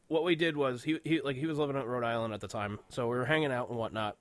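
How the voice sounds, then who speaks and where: A man's voice: medium pitch, fast, dry recording. Young male podcast co-host, profane storyteller who laughs a lot, dry close sound. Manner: laughs often, swears a lot, animated storytelling. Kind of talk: casual chat.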